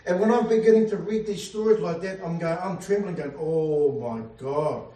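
In an echoey room, far from the mic, a pastor with a high-pitched, dark voice preaches quickly and steadily. The sermon is fervent, and he keeps shouting hallelujah and laughing at his own jokes.

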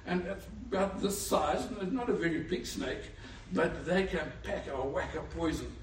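A high-pitched man delivers a sermon, retelling a story with animated energy and bursts of laughter. He sounds set back from the microphone in a roomy, echoing space with a faint hum of ambience behind him. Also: normal speed, hardly any pauses. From Africa. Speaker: preacher. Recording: echoey room, far from mic.

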